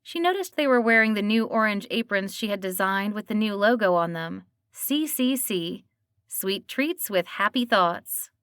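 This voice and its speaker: A woman reading a cozy mystery audiobook in an even, storytelling manner. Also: mid-range voice, normal speed, smooth, dry recording, clean studio sound. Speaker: audiobook narrator. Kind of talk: scripted narration.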